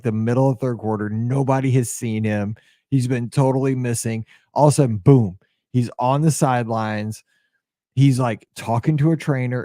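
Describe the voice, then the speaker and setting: A man hosting a podcast, telling a story in a casual, excitable and openly emotional way, with lots of restarts. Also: medium pitch, no echo, studio quality. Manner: excitable, rambling sports storyteller. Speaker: podcast host.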